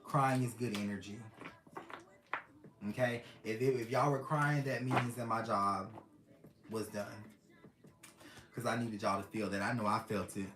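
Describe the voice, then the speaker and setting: Tarot reader talkin to the camera, earnest, keeps repeating stuff, mid pitch, echoey room. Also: steady tone, unhurried, pauses often, background noise. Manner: earnest, repeats phrases, addresses listeners fondly. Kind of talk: casual tarot reading to camera. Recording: roomy echo.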